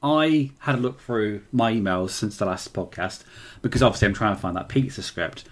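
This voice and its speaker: A man's voice: fairly low pitch, fairly quick. Tipsy, giggly man. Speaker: podcast co-host. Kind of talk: casual chat.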